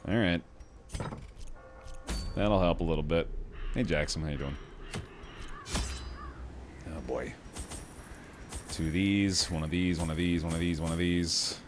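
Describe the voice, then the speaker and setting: A man's voice: low-pitched, unhurried, long pauses, background noise. A man giving casual gameplay commentary, joking, swearing and laughing at himself. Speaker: gaming streamer. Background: game music.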